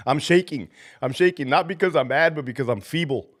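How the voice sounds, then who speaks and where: On a casual livestream, a former prison officer who's sick and feverish swears a lot, rants, and laughs frequently as he greets viewers. His voice is a little high.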